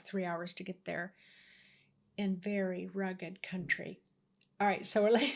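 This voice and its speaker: A woman's voice: mid-range voice, a bit bright. Woman host, casual storyteller, chatty, full of ums and restarts. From Washington State, US. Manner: chatty, many fillers and restarts. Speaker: host sharing spiritual stories.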